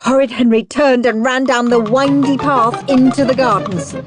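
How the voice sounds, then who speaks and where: A woman narrating a children's audiobook in an expressive way, acting out the characters. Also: high-pitched, normal speed. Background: background music.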